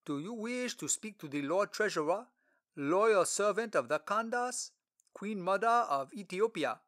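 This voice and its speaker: A man's voice: high-pitched, expressive, measured pace, a bit bright, no echo, clean studio sound, pitched above the performer's own voice. A man voicing a curious, polite fifteen-year-old servant boy in an audiobook story. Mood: formal.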